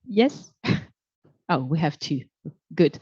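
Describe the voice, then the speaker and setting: A woman moderating a talk, taking questions from the room in an unhurried, hesitant way. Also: low-pitched, big pitch swings, dark tone, slightly rough, no echo, dull audio. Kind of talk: hosting audience questions. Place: event room with an audience.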